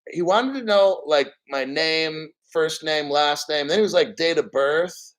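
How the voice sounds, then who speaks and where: A man's voice: fairly high pitch, measured pace, a bit bright, poor audio. A man hosting a casual crypto stream, rambling bluntly and swearing freely. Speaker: crypto show host. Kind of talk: casual live-stream rant.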